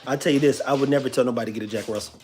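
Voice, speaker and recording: A man's voice: medium pitch, steady tone, rapid-fire, noisy background. Laid-back man chatting to viewers about his dogs. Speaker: dog owner streaming live. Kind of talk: casual live-stream chat.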